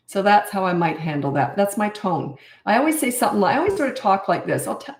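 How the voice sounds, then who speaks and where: Speaking on the low side and a little fast with few pauses, a parenting coach in her fifties fields questions on a live stream. She's calm and plain-spoken, sometimes acting out a firm, steady parent's voice, and the sound is roomy.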